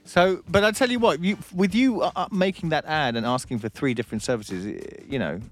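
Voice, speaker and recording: A man's voice: on the high side, a little fast. A man bantering casually as a radio co-host, in a studio with faint music. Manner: relaxed banter, says "mate".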